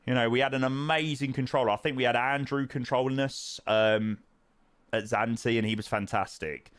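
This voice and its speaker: A man's voice: medium pitch, steady tone, normal speed, a bit bright, smooth, dry recording. A young man streaming a flight sim, chatting casually with viewers in matey banter full of fillers. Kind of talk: casual live-stream chat, answering viewers.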